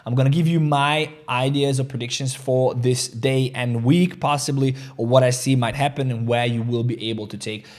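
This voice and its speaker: On a casual crypto trading livestream, a man talks energetically and reads chat comments aloud. His mid-range voice keeps fairly even intonation at normal speed with few pauses, picked up by a desk mic as his studio chair creaks.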